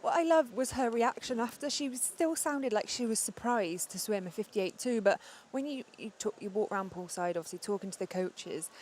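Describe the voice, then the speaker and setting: Fast-talking female co-commentator. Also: mid-range voice, darkish tone, slight background noise. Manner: quick, analytical. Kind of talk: sports analysis commentary.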